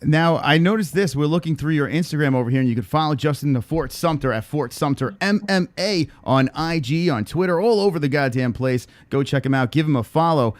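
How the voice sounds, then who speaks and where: Excitable podcast host, dry close sound. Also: male voice, fairly high pitch, brisk, few pauses, no room sound. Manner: excitable, hyping the guest. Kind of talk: casual interview.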